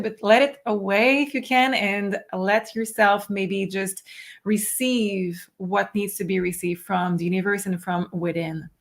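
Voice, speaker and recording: A woman tarot reader who is losing her voice, giving earnest advice in a casual chat and sometimes correcting herself. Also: medium pitch.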